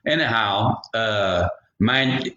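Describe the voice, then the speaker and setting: A man's voice: on the low side, slow pace, bright, forceful tone, muffled recording. A man telling a folksy story, rambling into jokey asides. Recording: roomy echo.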